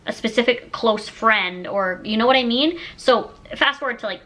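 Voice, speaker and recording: A woman's voice: a little high, moderate pace, sharp tone, rough recording. A woman of about thirty talking casually to the camera, emotional and gushing, with many fillers like "like". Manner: emotional, gushing, heavy use of "like". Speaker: YouTuber. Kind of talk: casual sit-down chat.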